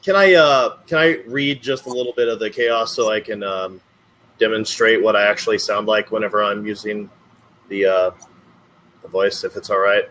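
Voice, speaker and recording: A man's voice: fairly low pitch, steady tone, normal speed, fairly bright tone. A man in a casual conversation, speaking hesitantly with many restarts.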